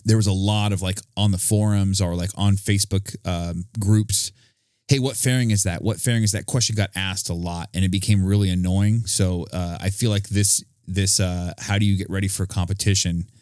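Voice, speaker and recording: A man's voice: deep voice, flat delivery, normal speed, hardly any pauses, a little mellow, smooth, dry recording, studio quality. A man co-hosting a podcast in casual, profane chat, telling long rambling stories full of fillers. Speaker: podcast co-host.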